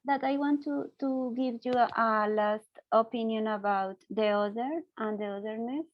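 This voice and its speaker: A Colombian woman, a native Spanish speaker, slowly searching for words in English during an online discussion. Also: on the high side, dull audio. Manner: slow, searching for words, laughing asides. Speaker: discussion participant. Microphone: video call.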